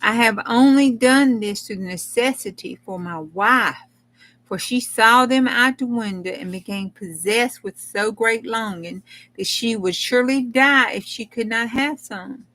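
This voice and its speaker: A woman's voice: a little high, measured pace, fairly bright tone. A woman voicing a frightened husband in a read-aloud storybook, pleading for mercy. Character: frightened husband begging for mercy, devoted to his wife.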